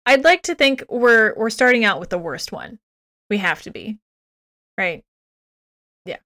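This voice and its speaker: A woman's voice: on the high side, lively intonation, unhurried, sharp tone, no room sound, studio quality. A woman guesting on a podcast, chatting casually in a wry, self-deprecating way.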